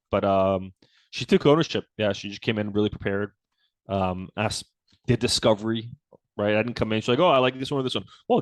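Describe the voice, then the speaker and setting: A man, a company founder, telling a story from his own life in a casual interview and acting out the quoted dialogue. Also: no room sound. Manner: relaxed storyteller, acts out quoted dialogue with lively pitch jumps.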